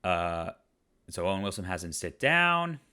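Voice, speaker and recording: A man's voice: sits low, very animated, unhurried, pushed and bright, clean tone. A man giving an exasperated review rant, firing off one rhetorical question after another. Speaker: online reviewer. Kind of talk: ranting episode review.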